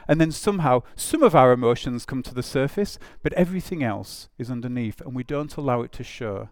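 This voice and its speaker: A man's voice: medium pitch, expressive, a little fast, no echo. A man preaching a conversational sermon, informal, often breaking into asides and acting out quotes. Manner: informal, with frequent "it's like" asides and acted-out quotes.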